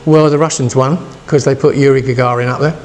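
A man's voice: mid-range voice, steady tone, fast, a little mellow. A man in his sixties preaching a casual, chatty sermon and asking his listeners questions. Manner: chatty, asks the congregation questions.

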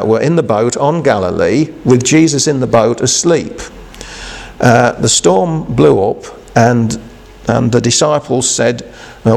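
A man gives a homely, unscripted sermon with a gravelly edge to his voice. He talks in a halting, conversational way, restarting phrases and checking in with rhetorical questions. His pitch sits in the everyday middle range for a man. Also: darkish tone. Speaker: preacher. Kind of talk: informal devotional sermon.

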